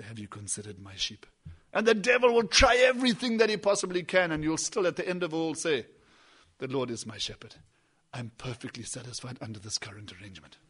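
Husky-voiced preacher man. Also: on the high side. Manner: emphatic, repetitive, swinging between loud and hushed. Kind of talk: sermon.

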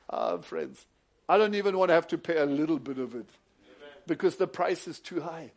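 A male preacher, moving between hushed retelling of a story and loud, emphatic preaching. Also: on the high side, fairly quick. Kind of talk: sermon with storytelling.

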